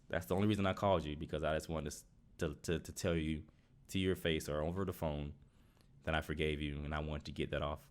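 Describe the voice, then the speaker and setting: A young man telling his own life story to his viewers in a halting way, often repeating words as he goes. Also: sits low, smooth. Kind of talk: personal storytelling to camera.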